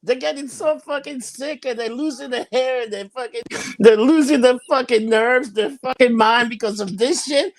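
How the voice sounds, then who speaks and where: Male podcast co-host, gravelly voice, crude and mocking, constant laughter. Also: extremely high pitch, normal speed. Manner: profane, laughing, ranting. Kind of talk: casual podcast chat.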